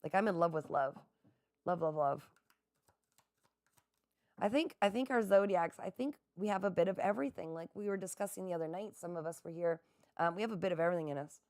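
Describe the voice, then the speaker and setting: A woman's voice: lowish voice, a little fast, long pauses, dry recording, clean studio sound. A middle-aged woman hosting a livestream, chatting casually with viewers, reading their comments aloud and laughing often. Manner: excitable, laughs often, talks straight to viewers. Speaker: livestream host.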